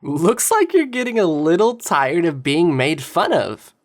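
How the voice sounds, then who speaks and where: A low-pitched woman with a swooping, animated delivery, tossing out sarcastic jabs as she comments over clips. Her tone stays mocking and taunting throughout. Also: unhurried. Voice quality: sarcastic, taunting, lively inflection. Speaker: political commentator.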